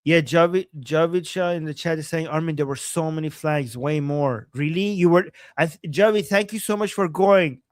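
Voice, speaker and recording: A man from Iran co-hosting a livestream, reacting excitedly to rally footage and reading chat messages aloud. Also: a little high, moderate pace, few pauses, dry recording. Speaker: livestream co-host. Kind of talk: live commentary on rally footage.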